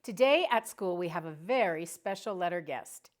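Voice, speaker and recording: A woman's voice: fairly low pitch, expressive, moderate pace. Cheerful woman teacher hosting kids. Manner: cheerful and teacherly, talking to children. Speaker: teacher and host. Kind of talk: children's educational show.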